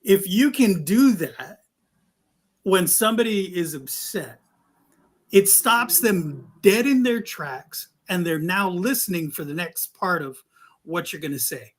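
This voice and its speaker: A man co-hosting a live studio chat, telling a customer-service story in a casual, animated way and acting out a caller's voice. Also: sits high, slow pace. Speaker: co-host.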